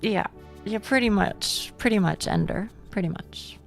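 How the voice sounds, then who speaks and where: A woman's voice: medium pitch, unhurried, creaky, soft background music. A young woman streaming, chatting casually with viewers, rambling and swearing with frequent laughs.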